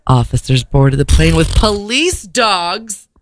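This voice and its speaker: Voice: medium pitch, big pitch swings, slow pace, background noise. A podcast co-host reads a news story aloud for laughs. The host keeps breaking off into profane, incredulous asides. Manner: profane, incredulous asides between read-out sentences. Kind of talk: comedic reading of a news story.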